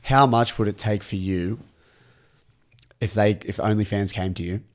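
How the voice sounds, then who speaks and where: A man's voice: fairly low pitch, fairly even intonation, moderate pace, a little mellow. A young man with an Australian accent, co-hosting a podcast with crude jokes and lots of laughter. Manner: crude joking, laughs a lot. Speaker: podcast co-host. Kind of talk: casual banter.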